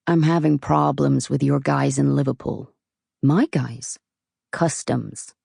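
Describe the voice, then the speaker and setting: A woman voicing a gruff, sulky American spiv. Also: medium pitch, slow pace, a little mellow, no echo, studio quality, full character voice. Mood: guarded. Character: sulky shady American man smuggler.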